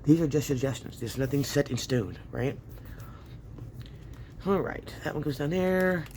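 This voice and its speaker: A man's voice: a little high, unhurried, darkish tone, slight background noise. Chatty man crafting at home. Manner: chatty, laughs often, talks to himself while working. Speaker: craft channel host. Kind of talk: casual crafting tutorial chat.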